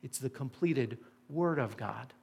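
A man's voice: medium pitch, lively intonation, a little slow, vocal fry, breathy edge. A man preaching a sermon, earnest and emphatic, asking the listeners rhetorical questions. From Indiana. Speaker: pastor.

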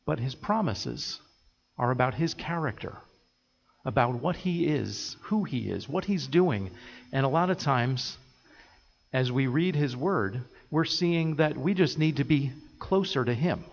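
Earnest pastor preaching in a reverberant hall. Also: male voice, medium pitch, expressive, measured pace, vocal fry, highs cut off. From United States. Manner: earnest, repeats phrases in lists. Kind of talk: sermon. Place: church sanctuary.

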